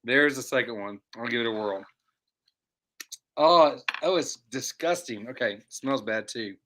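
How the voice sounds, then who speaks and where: A man's voice: medium pitch, normal speed, pushed and bright. A man hosting a casual livestream, rambling and repeating words as he talks. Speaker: livestream host.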